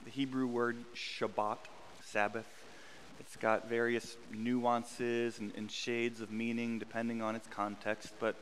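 A man's voice: medium pitch, level tone, measured pace, a bit bright, in a large hall, slight background noise. A man in his thirties preaching a sermon, in a conversational tone with self-deprecating humor, repeating phrases for emphasis. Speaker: pastor. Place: church sanctuary.

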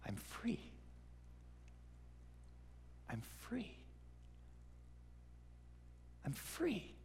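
A man's voice: mid-range voice, measured pace, darkish tone, slight background noise, natural voice. A man voicing an overjoyed freed male servant who gushes and repeats himself, in a sermon. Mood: elated. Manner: breathless and effusive, repeating himself. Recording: reverberant hall.

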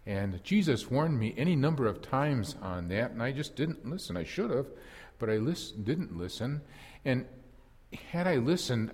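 A man's voice: mid-range voice, a little mellow, husky, big-room sound. A man playing an impulsive apostle fisherman in a first-person dramatic monologue, telling his story earnestly and reflectively with wry self-deprecation.

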